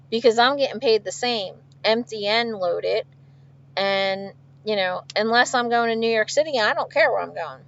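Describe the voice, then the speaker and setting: A woman truck driver from outside chatting casually on a livestream, answering viewers' questions with frequent laughs. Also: on the high side. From outside Philadelphia. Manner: chatty, laughs often, reads viewer comments aloud. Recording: dull lo-fi stream audio.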